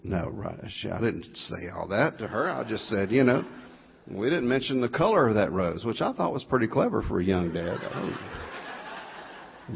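A low, gravelly middle-aged man with a drawl, rambling through a homespun story and correcting himself as he goes. His voice is husky, and the live church recording sounds dull and lo-fi. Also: big pitch swings, normal speed. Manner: folksy, meandering, self-correcting. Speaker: guest guitarist telling a story at a church concert.

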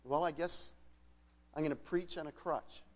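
Folksy middle-aged pastor in a reverberant hall. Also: male voice, on the high side, normal speed. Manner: conversational, folksy storyteller with frequent restarts. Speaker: guest pastor. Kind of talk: sermon told as a personal story.

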